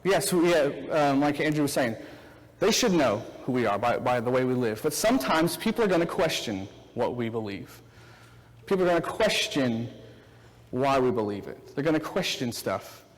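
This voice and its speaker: A man's voice: mid-range voice, sing-song, moderate pace. A man in his thirties giving a casual, chatty sermon, retelling a film scene with acted-out quotes before turning to scripture. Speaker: preacher. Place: church hall. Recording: reverberant church hall.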